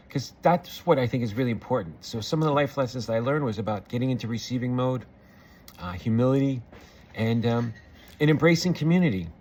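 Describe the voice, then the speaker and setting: A middle-aged male vlogger with a medium, slightly mellow voice talks earnestly to the camera in a personal, reflective monologue. He rambles, with many fillers and restarts.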